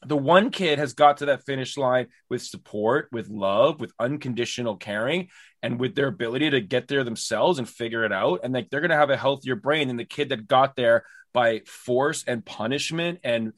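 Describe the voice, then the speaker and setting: A man's voice: medium pitch, moderate pace, a bit bright, no echo, studio quality. A man hosting a casual interview podcast, talking with enthusiasm and emphatic repetition. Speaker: podcast host.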